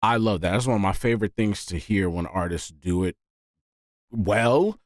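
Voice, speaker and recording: A man hosting a music reaction video, talking casually and excitedly and often saying "man". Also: lowish voice, moderate pace, dry recording, studio quality. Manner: animated, often says "man".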